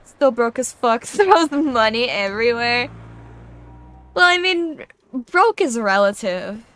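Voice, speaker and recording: A young woman casually commenting on a game she is livestreaming, excitable and joking, swearing freely. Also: a little high, takes it slowly. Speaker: streamer.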